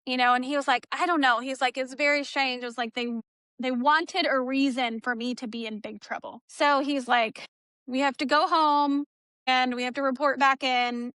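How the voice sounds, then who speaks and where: A woman's voice: high-pitched, moderate pace, clear, resonant tone, no echo. A woman as an interview guest, telling a personal story in an emotional, chatty way and acting out what others said. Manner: animated, acts out quoted dialogue; chatty, with frequent "like" fillers.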